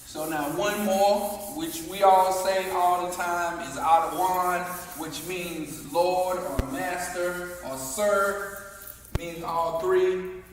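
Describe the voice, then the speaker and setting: A man teaching a language class, slowly drilling pronunciation and repeating words for students. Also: high-pitched, steady tone, a little hiss or hum. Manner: slow, repetitive drilling of pronunciation. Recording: echoey hall, far from the mic.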